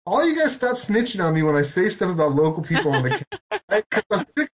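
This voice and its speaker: Sing-song and brisk, this high-voiced podcast host chats casually while telling long, meandering, self-deprecating stories. He fills them with lots of quoted back-and-forth.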